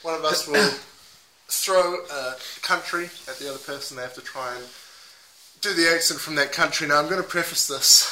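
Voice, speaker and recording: Bright, forceful man hosting a podcast. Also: fairly high pitch, normal speed, echoey room, rough recording. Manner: laughs often, self-deprecating. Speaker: podcast co-host. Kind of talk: casual podcast banter.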